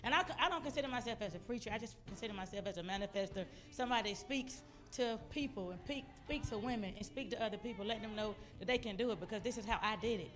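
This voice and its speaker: A woman giving an emotional, loud motivational talk as a guest speaker on a church stage. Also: mid-range voice, quick pace, hardly any pauses, soft background music. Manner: loud, exuberant, emotional testimony to a crowd. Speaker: guest speaker, business owner.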